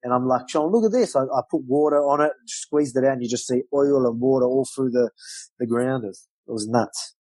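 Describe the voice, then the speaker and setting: A man telling a fight story in a casual interview, animated and loose, acting out what people said. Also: mid-range voice, brisk, no echo, rough recording. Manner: animated storyteller, loose swearing, acts out quotes. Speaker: guest, professional fighter.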